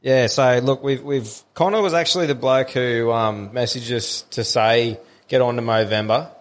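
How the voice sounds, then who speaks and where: A man's voice: medium pitch, measured pace. A man with an Australian accent co-hosting a podcast, telling rambling, swear-filled stories with a lot of laughter. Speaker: podcast co-host. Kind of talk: casual chat.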